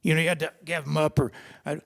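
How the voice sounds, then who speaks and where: A man's voice: a little high, level tone, racing, gravelly, fairly bright tone. Older man telling racing stories. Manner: rambling, conversational, many restarts. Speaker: seminar speaker, racer. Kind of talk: personal storytelling talk. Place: seminar hall.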